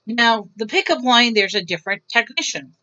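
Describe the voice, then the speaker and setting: A woman's voice: on the high side, normal speed. Rambling woman vlogger, lo-fi sound. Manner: rambling, animated, acts out quotes. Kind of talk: casual storytelling. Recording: dull lo-fi sound.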